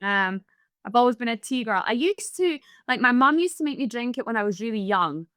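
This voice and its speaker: Bright-voiced chatty Scottish woman. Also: fairly high pitch, expressive, clear, resonant tone, no echo, studio quality. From Scotland. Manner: chatty, frank, quick to laugh. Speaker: podcast guest, TEDx speaker. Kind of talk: casual interview chat.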